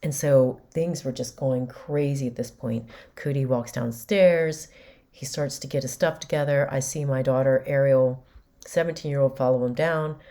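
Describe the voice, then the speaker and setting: A woman's voice: rumbling low, fairly even intonation, moderate pace, warm tone. A woman host candidly recounting a personal story in a conversational way. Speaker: podcast host.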